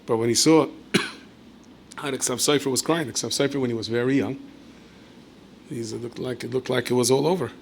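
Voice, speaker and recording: A man, a rabbi, giving a storytelling Torah lecture in a conversational way with asides and self-corrections, and he jumps up in pitch and volume when acting out quotes. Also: a little fast, vocal fry, long pauses, a little hiss or hum. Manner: animated storyteller who leaps high and loud when acting out quoted speech.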